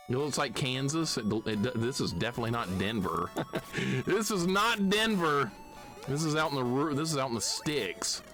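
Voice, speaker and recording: A man's voice: mid-range voice, a bit bright. A man from Alabama giving live commentary on a retro game, swearing at it and chuckling often. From Alabama, USA. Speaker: streamer.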